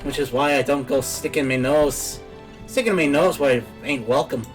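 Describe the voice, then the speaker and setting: A man's voice: on the high side, normal speed, soft background music, lightly acted. A man doing a folksy Irish peddler. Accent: put-on Irish. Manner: folksy, rough country grammar, chuckling. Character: chatty old male traveling peddler.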